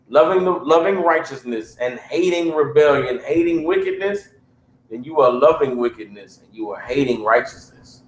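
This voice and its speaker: A man's voice: mid-range voice, normal speed. A man teaching a livestreamed Bible class in a blunt, emphatic preaching style. He keeps asking his listeners whether they understand. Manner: blunt street-level talk. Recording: roomy echo with faint hum.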